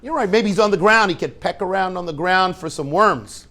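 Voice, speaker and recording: A man's voice: high-pitched, a little fast, bright, forceful tone, slight background noise. A man, a rabbi giving an informal, joking lesson to his students and tossing questions at the class.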